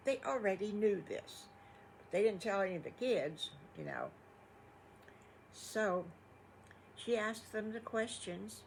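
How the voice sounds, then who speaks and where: A woman's voice: mid-range voice, big pitch swings, slow pace, pauses often, a little hiss or hum, rough recording. An older woman telling improvised children's stories, folksy and rambling. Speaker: grandmother storyteller. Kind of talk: improvised bedtime storytelling.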